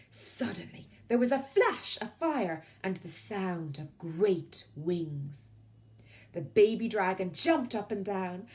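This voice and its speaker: An Irish woman reads a children's picture book aloud at an unhurried pace. Her pitch rises and falls in wide, lively swings. She softens her voice on the quiet tag lines. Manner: slow, expressive, dropping soft on the tag lines. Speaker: librarian storyteller.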